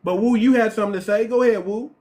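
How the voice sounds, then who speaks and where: A man's voice: high voice, very fast, darkish tone. A man with a New York accent hosting a live-stream debate, lecturing emphatically and repeating himself. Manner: emphatic, repetitive, lecturing, keeps saying ma'am.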